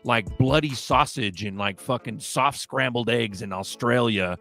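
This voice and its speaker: A man's voice: mid-range voice, a little slow, sharp tone, faint music behind. A man from the United States chatting on a live stream over a video call. He tells stories in a hyped way and swears freely. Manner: hyped, profane storytelling. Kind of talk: casual live-stream chat.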